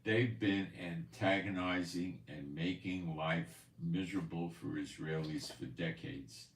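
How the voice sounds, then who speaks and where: A man's voice: very deep voice, reverberant, distant mic. A man hosting a prophecy news channel, talking casually and rambling, repeating himself now and then. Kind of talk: casual commentary. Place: home in Israel.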